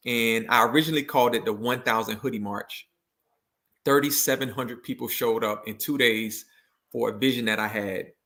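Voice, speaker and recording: A man's voice: medium pitch, steady tone, moderate pace, fairly bright tone. A man, a motivational speaker and education consultant, telling a story in a video interview. He speaks loosely, with many likes, and acts out the quotes.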